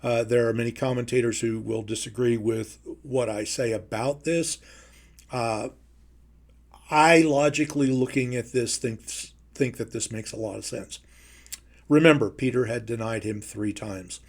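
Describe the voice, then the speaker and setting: Measured, emphatic male preacher. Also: medium pitch, fairly even intonation, creaky. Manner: measured, emphatic, with slow stressed phrases. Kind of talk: Bible teaching.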